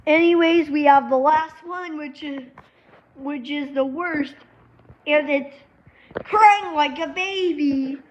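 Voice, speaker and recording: A woman's voice: high-pitched, takes it slowly, lo-fi sound. A woman vlogging casually at a table at home, rambling and saying "anyways" between thoughts. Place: at a table indoors.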